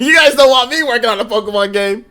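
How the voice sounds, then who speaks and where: A man's voice: very high voice, quick pace, pushed and bright. A man in his thirties hosting a casual livestream, rambling through stories and laughing often. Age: 30s. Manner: rambling storytelling, frequent laughter. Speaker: livestream host.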